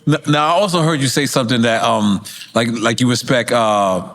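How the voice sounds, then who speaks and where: A man hosting a casual interview podcast, prompting his guest and chiming in with steady affirmations and some swearing. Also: mid-range voice, a little fast, a little hiss or hum. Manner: frequent backchannel affirmations, swears. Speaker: podcast host.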